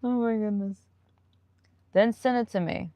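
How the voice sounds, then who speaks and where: A woman's voice: mid-range voice, measured pace, dark tone, no room sound. A woman live streamer chatting casually and answering viewer comments, rambling and laughing often.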